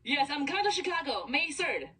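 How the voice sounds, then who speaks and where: A shrill comic character. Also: male voice, very animated, fairly quick, bright, forceful tone, exaggerated voice. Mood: excited, mocking. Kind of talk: stand-up comedy bit.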